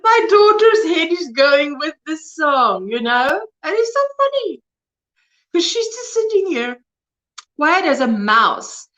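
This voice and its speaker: South African woman, 50s, warm-hearted livestream host, slightly high voice, muffled lo-fi sound. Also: big pitch swings, takes it slowly. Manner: chatty, greets viewers by name, laughs often. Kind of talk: casual livestream chat. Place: at home, indoors.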